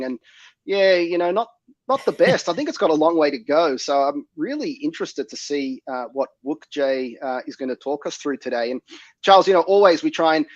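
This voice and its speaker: A man hosting a casual livestream with a raspy voice and a sore throat, speaking in a relaxed way with many ums. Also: mid-range voice, dry recording. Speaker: host. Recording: dry, dull lo-fi mic.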